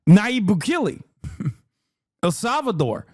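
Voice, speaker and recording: A male streamer reacting casually, full of crude, sarcastic asides. His voice sits high, and he speaks slowly. The sound is close and dry. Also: sing-song, darkish tone, slightly rough, dry recording.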